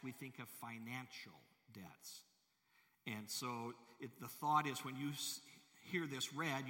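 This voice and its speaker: A man's voice: medium pitch, bright, forceful tone. A male pastor preaching a sermon in a large church, emphatic and full of rhetorical questions to the congregation. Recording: long hall reverb.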